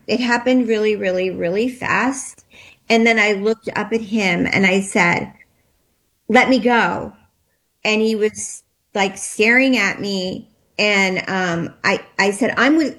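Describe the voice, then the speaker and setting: A woman interview guest recounting a personal experience, shaken and trembling, talking haltingly with many restarts and fillers. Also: mid-range voice, a bit bright.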